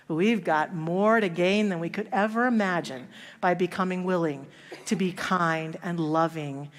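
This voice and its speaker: A woman minister giving a sermon, telling stories and acting out the voices of the people in them. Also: on the low side. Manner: storytelling, acts out quoted voices. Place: church sanctuary. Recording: long hall reverb.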